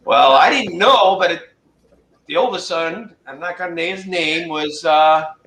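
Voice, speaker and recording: A man's voice: fairly high pitch, measured pace, fairly bright tone, echoey room, low-quality recording. A man casually telling a funny story on a livestream, acting out the people he quotes. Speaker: guest storyteller.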